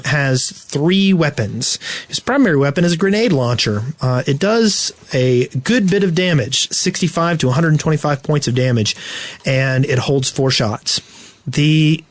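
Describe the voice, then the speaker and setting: A man's voice: a little high, dry recording. An American man co-hosting a casual gaming podcast, laughing often and reading out notes. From United States. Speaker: podcast co-host.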